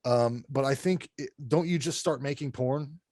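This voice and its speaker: A man in casual podcast chat, ranting bluntly and swearing freely between short laughs. His voice sits at a middling pitch. The sound is dry and close, with no room echo. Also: normal speed, darkish tone. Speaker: podcast co-host reviewing horror films.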